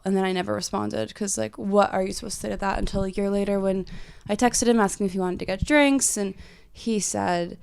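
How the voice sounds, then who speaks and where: A young woman from California hosting a casual chat podcast, her voice raspy from being sick, telling stories with lots of "like.". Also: mid-range voice, fairly even intonation, fairly quick, a little mellow, no room sound. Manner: chatty storytelling, lots of "like". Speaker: podcast host.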